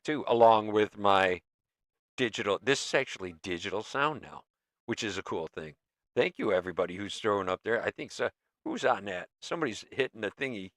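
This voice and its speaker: A man's voice: medium pitch, a bit bright, no echo, studio quality. A man hosting a livestream, chatting casually to his viewers in a loose, rambling way. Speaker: livestream host.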